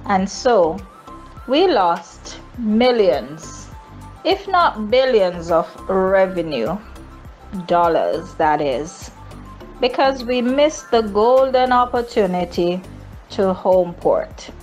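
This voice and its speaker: A Jamaican woman hosting a daily travel news segment, lamenting and sarcastic, with high mock-cheerful whoops. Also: big pitch swings, takes it slowly, a little mellow, soft background music. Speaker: travel company news host.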